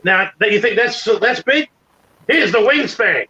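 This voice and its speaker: A man's voice: high voice, expressive, measured pace, sharp tone, husky, lo-fi sound. A man chatting on a video call, rambling and eager, often restarting his sentences. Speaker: regular panelist. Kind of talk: casual chat on a video call.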